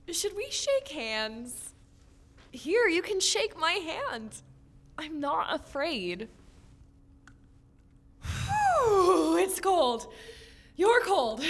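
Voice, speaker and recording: A woman's voice: high-pitched, exaggerated voice. A woman playing a gloomy, morbid teenage girl who sighs and speaks moodily. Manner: sighing, moody, breathless when excited.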